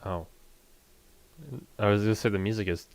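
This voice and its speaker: A man acting as game master, narrating a tabletop game in casual chat, laughing often and pausing on fillers. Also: lowish voice, steady tone.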